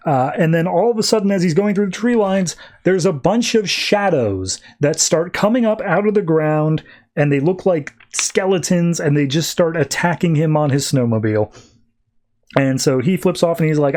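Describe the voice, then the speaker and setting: A man's voice: mid-range voice, normal speed, a little mellow. A man hosting a podcast, casually recapping a comic and acting out the characters' lines as he goes. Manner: rambling storytelling, acts out quotes. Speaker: podcast host.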